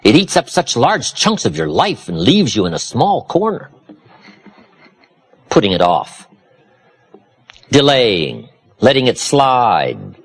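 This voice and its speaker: Male motivational speaker, husky, very animated pitch, preacherly emphasis. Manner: preacherly, dramatic swings from low confiding to loud emphatic. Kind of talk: motivational seminar talk.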